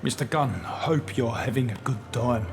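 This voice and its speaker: A man's voice: medium pitch, measured pace, close to an everyday voice. Grandiose male crime host, played by a man, South African accent, lecturing, game score behind. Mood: smug. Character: smooth, self-important male crime host. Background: game music.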